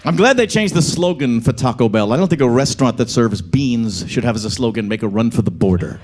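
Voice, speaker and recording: A man's voice: medium pitch, expressive, a little fast, darkish tone, slight background noise. A male comedian, chatting with a club crowd and breaking into sung song parodies. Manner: chatty crowd work, breaks into singing over guitar. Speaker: stand-up comedian. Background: guitar.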